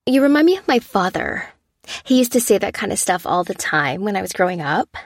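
A woman's voice: mid-range voice, big pitch swings, fairly quick, dry recording, studio quality. A woman doing a wisecracking graying man. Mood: wry. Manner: wisecracking, sarcastic. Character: wry, sardonic graying middle-aged man.

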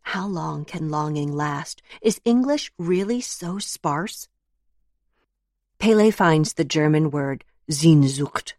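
Low, slow woman reading lyrical prose. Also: expressive, a little mellow, no echo, studio quality. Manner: measured, lyrical, reflective phrasing. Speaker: narrator. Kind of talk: literary audiobook narration.

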